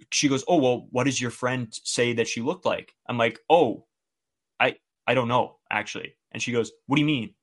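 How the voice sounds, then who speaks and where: A man co-hosting a casual podcast, retelling a night out in a chatty, animated way. He switches into quoted dialogue as he goes and keeps his voice conversational at a mid pitch. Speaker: podcast co-host. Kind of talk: casual storytelling chat.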